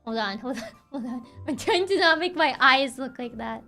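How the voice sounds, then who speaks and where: A young woman streaming casually, soft-spoken and sassy, who laughs often while chatting with her viewers. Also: high voice, expressive, moderate pace, soft background music. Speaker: VTuber streamer. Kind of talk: casual livestream chat, reading chat aloud.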